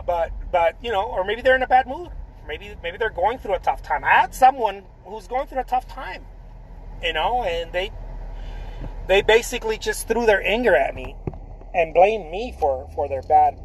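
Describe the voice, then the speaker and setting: A man coaching artists in a casual, blunt and profane pitch, repeating himself often with lots of restarts. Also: a little hiss or hum, poor audio. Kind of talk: casual direct-to-camera pitch.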